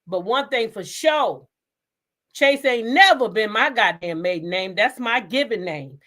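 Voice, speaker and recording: A woman's voice: a little high, animated, a little slow, a bit bright. A woman hosting a gossip live stream, talking bluntly and profanely and laughing often. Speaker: host of a gossip show. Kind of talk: casual live-stream commentary.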